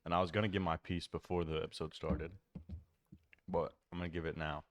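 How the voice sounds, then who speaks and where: A man's voice: sits low, little pitch movement, brisk, dry recording, clean studio sound. A man co-hosting a podcast, blunt and steering the casual chat back on topic. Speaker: podcast co-host.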